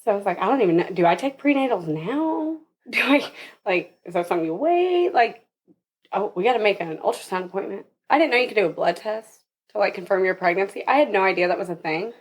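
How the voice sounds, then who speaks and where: A woman's voice: mid-range voice, expressive, fast. A young woman, a podcast guest, tells a personal story in casual interview talk, laughing often and acting out the voices of people she quotes.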